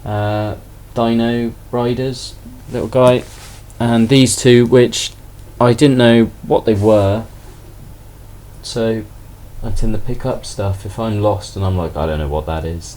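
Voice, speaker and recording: A man casually chatting through a haul of toy finds in a relaxed, rambling way. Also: lowish voice, measured pace. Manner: relaxed, rambling, self-deprecating. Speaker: toy collector vlogger. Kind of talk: casual haul video chat.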